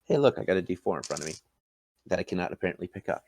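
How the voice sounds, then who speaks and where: A man acting as game master, narrating a tabletop game in a relaxed, plain way. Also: low-pitched, racing, a little hiss or hum.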